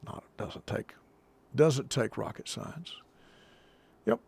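A gravelly man hosting a talk radio show. He speaks at an average pitch, folksy and emphatic, and hammers his points home by repeating them. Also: very animated, slow pace, a little mellow. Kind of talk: political talk radio commentary.

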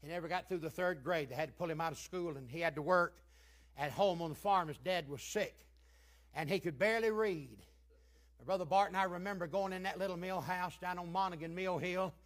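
An older man preaching a sermon, moving between hushed storytelling and fervent shouting. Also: sits high, a little fast.

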